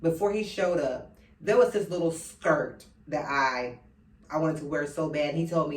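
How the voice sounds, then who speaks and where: A woman's voice: low-pitched, normal speed. A woman in her thirties giving an earnest personal monologue. She speaks straight to her listeners and keeps coming back to the same phrases. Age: 30s. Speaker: speaker addressing men. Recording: roomy sound from a distant mic.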